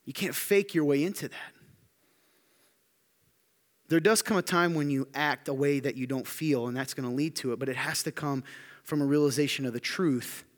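A male pastor delivering a sermon in a church hall with a long, ringing reverb. His voice sits a little high and grows loud and insistent as he repeats phrases. He keeps checking in with the room through short rhetorical questions. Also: moderate pace, long pauses. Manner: emphatic, building to loud high-pitched intensity; repetitive rhetorical questions to the congregation.

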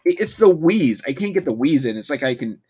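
A man co-hosting a podcast, talking casually in a chatty, halting way with frequent laughs. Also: a little high, big pitch swings, dark tone, husky. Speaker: podcast co-host.

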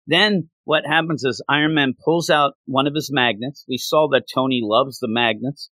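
Man, mid-pitch, casual animated recap, dry close mic. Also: no echo. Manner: animated, jumps into quick voices for characters. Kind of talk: casual comic-book retelling.

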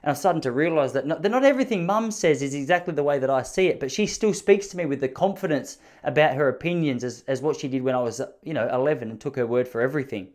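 Fast-talking Australian man in his thirties. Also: a little high, darkish tone. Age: 30s. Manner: rambling, jokey, acts out quoted voices. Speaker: podcast host. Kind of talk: solo storytelling podcast.

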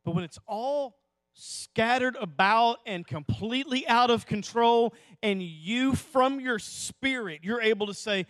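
A man preaching a sermon to a church audience, telling a personal story that swells into impassioned pleading and drops to hushed, slow emphasis. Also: very high-pitched, expressive, no room sound. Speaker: pastor.

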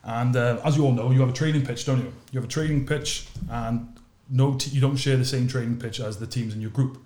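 Fast-talking man telling a story. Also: reverberant. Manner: lively anecdote-telling, drops low and quiet for asides. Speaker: podcast host and former sevens captain. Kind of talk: animated storytelling in a casual chat.

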